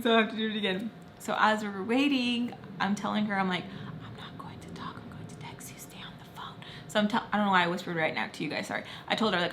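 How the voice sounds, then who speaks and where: Animated young woman telling a story. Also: medium pitch. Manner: animated storytelling, acts out quoted voices. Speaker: vlogger. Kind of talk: storytime while doing makeup. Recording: faint background noise.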